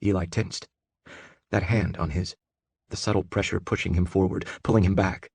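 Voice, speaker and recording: A man narrating an audiobook in a steady, measured storytelling voice. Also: deep voice, gravelly, slightly rough, no echo. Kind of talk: scripted narration.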